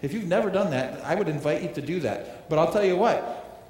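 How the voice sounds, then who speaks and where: Male pastor, fairly high voice, emphatic sermon delivery full of repeats and rhetorical questions, echoing hall. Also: lively intonation, fairly quick, a little mellow. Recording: echoey hall reverb, faint ambience.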